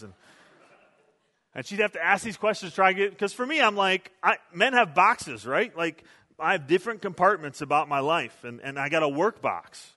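A man's voice: sits high, animated, moderate pace, bright, forceful tone, big-room sound. A male pastor preaching a sermon in a conversational, self-deprecating storytelling way, recorded in a church sanctuary.

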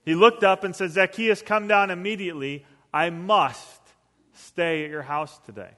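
Pastor, in a reverberant hall. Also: male voice, high-pitched, moderate pace. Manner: storytelling with acted quotes, animated swings in volume. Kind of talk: sermon.

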